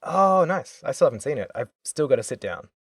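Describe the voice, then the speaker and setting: A man co-hosting a podcast chats casually about a game, animated and quick to act out characters' lines. His voice sits at a middling pitch. It is recorded close and dry, with no room sound. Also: creaky, no echo. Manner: animated, acts out characters' lines with swearing and laughs. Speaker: podcast co-host.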